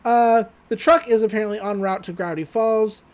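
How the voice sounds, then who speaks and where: A podcast host casually recapping a cartoon episode, animated and laughing often. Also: medium pitch, brisk.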